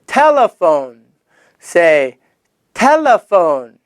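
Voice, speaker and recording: Lively sing-song children's English teacher, man. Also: sits high, dry recording, studio quality. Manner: animated, sing-song, drawn-out repetition of words. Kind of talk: children's vocabulary lesson.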